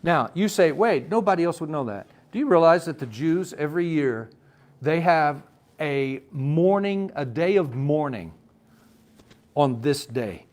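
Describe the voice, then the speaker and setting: A man teaching a Bible study, talking with his listeners, asking them questions and calling on them by name, his voice swinging between loud and soft. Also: on the high side, expressive, a little slow. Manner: conversational, addresses listeners by name, asks questions.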